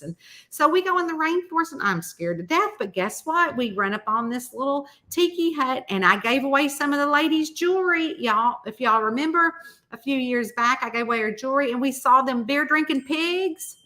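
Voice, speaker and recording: A woman's voice: high voice, expressive, fairly quick, sharp tone. A middle-aged woman, a mystery author chatting casually on a live stream, rambling through folksy stories and reading out viewer comments.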